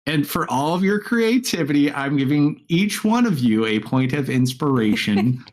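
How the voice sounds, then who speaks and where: A man narrating a tabletop game as game master, relaxed and laughing often. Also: a little high, moderate pace.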